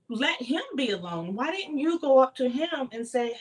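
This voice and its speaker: A woman co-hosting a podcast, chatting casually and in an animated way about a reality show. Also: sits high, moderate pace, hardly any pauses, poor audio. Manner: animated, exclaiming, acts out what others said. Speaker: podcast co-host.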